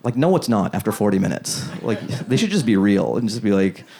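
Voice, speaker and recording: A man performing a stand-up comedy set on a club stage, acting out characters in quick asides. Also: on the low side, creaky. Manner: animated, acts out voices in quick asides. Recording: loud audience laughter behind.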